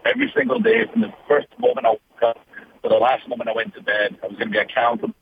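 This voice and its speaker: A Scottish man in his thirties tells his story earnestly and quickly. His voice comes down a narrow, tinny phone line with a faint hiss behind it. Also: mid-range voice, big pitch swings, vocal fry. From Scotland. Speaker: guest wrestler. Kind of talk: casual interview over the phone.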